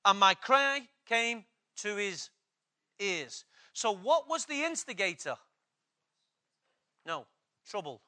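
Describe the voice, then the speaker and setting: A man's voice: sits high, big pitch swings, slow pace, pauses often, bright, forceful tone. A man preaching a sermon, emphatic, repeating key phrases and asking the congregation questions.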